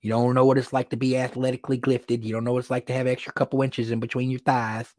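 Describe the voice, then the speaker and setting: A man's voice: mid-range voice, fast, dry recording. Guy doing a live stream from his studio, jokey and loose, dry close sound. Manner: joking, animated, laughs often. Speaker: livestream host. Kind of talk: casual livestream talk. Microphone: phone or computer livestream.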